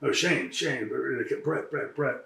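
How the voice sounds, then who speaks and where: A man with a gravelly, mid-pitched voice tells rowdy road stories and acts out the people in them. The recording has a roomy echo. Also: moderate pace, a little hiss or hum. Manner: animated, profane anecdotes with quoted voices and laughter. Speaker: wrestler telling road stories. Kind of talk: shoot interview storytelling.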